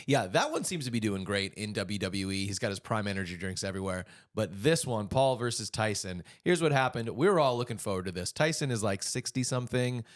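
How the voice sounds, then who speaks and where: A man's voice: fairly low pitch, fairly quick, hardly any pauses. A man co-hosting a podcast in casual chat, telling stories with frequent asides. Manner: animated storytelling with frequent asides. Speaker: podcast co-host.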